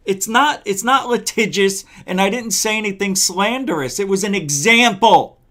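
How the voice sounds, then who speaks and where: High-pitched guy hosting a live panel, yelling and cussing, super defensive. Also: normal speed. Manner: defensive, shouting and swearing. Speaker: channel host. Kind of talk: heated live panel argument.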